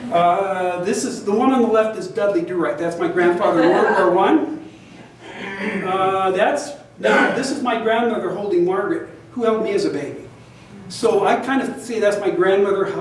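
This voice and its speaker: A man's voice: sits high, moderate pace, slight background noise. An older man giving a talk to an audience, chatty, telling a personal story and laughing along with it. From United States. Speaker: guest speaker. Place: meeting room, recorded from across the room. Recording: very echoey, distant room recording.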